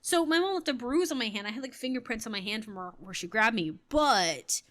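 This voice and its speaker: A woman's voice: a little high, expressive, fairly quick, a bit bright. A woman in her thirties telling a story casually while gaming, rambling and correcting herself, with frequent laughter. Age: 30s. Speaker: gaming streamer.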